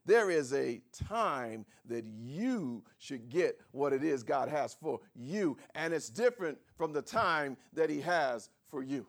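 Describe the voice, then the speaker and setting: A man preaching a sermon, teaching word meanings and asking the congregation for responses, swinging from low asides to shouted emphasis. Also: expressive, slow pace, few pauses. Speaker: pastor.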